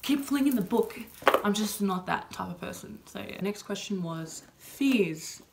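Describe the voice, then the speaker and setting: A woman's voice: mid-range voice, animated, unhurried, creaky, a little mellow, slight background noise. Young Aussie woman, vlog Q&A, open and emotional, lots of filler words. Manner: chatty, heavy on "like" and "you know" fillers. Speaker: vlogger. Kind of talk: casual personal Q&A.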